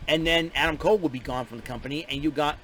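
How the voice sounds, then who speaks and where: A man giving a casual, rambling spoken recap, excitable and full of restarts and fillers. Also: on the high side, fast, slight background noise, rough recording. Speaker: show recapper.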